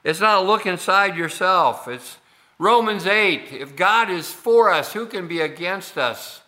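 A man preaching a sermon, slow and deliberate, with frequent pauses and fillers as he explains scripture. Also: sits high, animated, sharp tone. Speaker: pastor.

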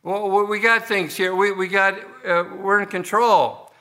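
A man's voice: high-pitched, steady tone, unhurried, pushed and bright. A man preaching a sermon as pastor of a church, talking conversationally with frequent restarts and fillers.

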